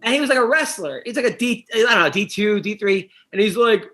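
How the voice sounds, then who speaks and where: A man who coaches wrestling, co-hosting a casual podcast chat in a rambling way that gets animated when he is annoyed. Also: sits high, fairly quick. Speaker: podcast co-host.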